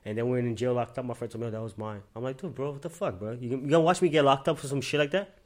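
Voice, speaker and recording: Man, young adult, from Miami, podcast host, quick-talking, profane storyteller. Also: mid-range voice, darkish tone. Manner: profane street storytelling, acts out quotes. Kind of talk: casual podcast chat.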